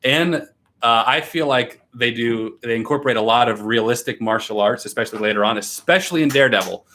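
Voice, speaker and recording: A man's voice: medium pitch, fairly quick, pushed and bright, slight background noise. A young American man hosting a casual livestream, chatting eagerly and reading out viewer comments. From United States. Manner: enthusiastic, chatty, reads comments aloud. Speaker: livestream host.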